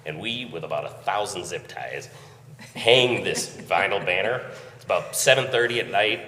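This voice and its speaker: A very deep-voiced man recounts an event at a conference in a relaxed way. He sounds far from the mic in a hall with a long reverb. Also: moderate pace, slight background noise. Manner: conversational, recounting with chuckles. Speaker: event organizer. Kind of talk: conference talk storytelling. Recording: echoey hall, voice from afar.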